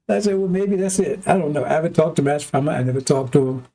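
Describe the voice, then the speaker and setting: A man's voice: a little high, fast talker. A man preaching in a rambling, conversational way, now and then acting out heated arguments in a raised voice. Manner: animated, acts out arguments with God in a raised voice. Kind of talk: rambling sermon.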